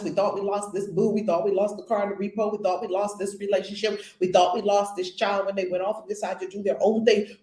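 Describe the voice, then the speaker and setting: A woman spiritual teacher leading a daily lesson, repeating affirmations with slow emphasis on each word. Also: mid-range voice, a little mellow, reverberant.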